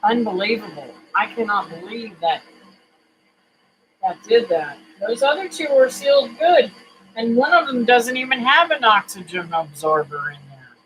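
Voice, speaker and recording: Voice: medium pitch, animated, moderate pace, a bit bright, low-quality recording. A homesteading vlogger chatting casually to camera in a home kitchen, folksy and rambling, with many fillers.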